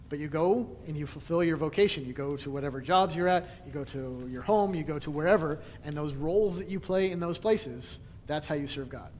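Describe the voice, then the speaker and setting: Male Bible study teacher with a higher-pitched voice, relaxed and chatty, quick to laugh, recorded in a reverberant hall. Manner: chatty, laughs often, many restarts. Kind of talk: casual teaching talk. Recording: echoey hall, faint noise.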